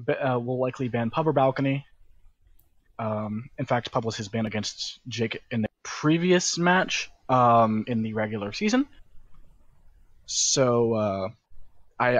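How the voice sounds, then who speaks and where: A male esports caster talking through stats live, pausing on "um" and "uh" and restarting his thoughts. His audio comes through dull and muffled, with a dry, close sound. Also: mid-range voice, dry recording. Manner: filler-heavy, thinks aloud, restarts often. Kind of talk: live game commentary.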